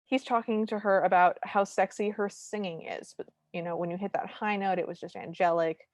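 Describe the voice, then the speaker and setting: A woman's voice: mid-range voice, steady tone, brisk, no room sound, studio quality. A woman co-hosting a podcast, recapping a movie in casual chat with wry, humorous asides. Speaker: podcast co-host.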